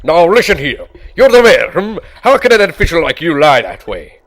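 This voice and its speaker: A pompous old sailor bomb with a put-on English accent, done by a man reading a game's text aloud. He harrumphs and tacks "eh?" and "hmm?" onto his lines. The voice sits high and swoops up and down a lot. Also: big pitch swings, moderate pace, a bit bright. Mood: indignant. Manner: harrumphing, tag questions like "eh" and "hmm". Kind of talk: let's play voice reading.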